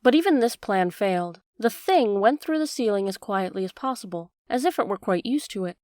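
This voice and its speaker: A woman narrating a classic storybook in a steady, even reading. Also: medium pitch, a little fast, no room sound, studio quality.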